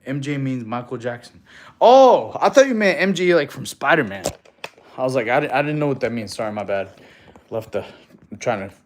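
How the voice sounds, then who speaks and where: In an echoey room, a man with a medium-pitched, sing-song voice chats briskly on a live stream. Laid-back and talkative, he gives fitness advice, thanks his viewers, and counts push-up reps aloud, sometimes slightly out of breath.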